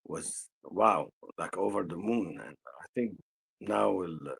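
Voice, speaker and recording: Man, arabic accent, husky voice, very slow halting storytelling, energy healer guest. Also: deep voice, poor audio. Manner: slow, halting, with frequent restarts. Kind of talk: personal storytelling in conversation.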